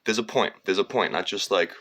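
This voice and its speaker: A man's voice: low voice, a little fast, bright, forceful tone. A man telling a digressive, profane story in a rambling monologue. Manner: digressive, profane, slips into sung lines and mocking voices.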